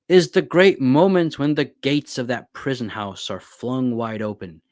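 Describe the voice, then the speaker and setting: A young man gives a relaxed livestream lecture on theology, reading passages aloud and then talking them through with plenty of fillers. His pitch sits in the usual middle range. The sound is dry and close, with no room echo. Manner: conversational, with fillers and asides, laughs at points.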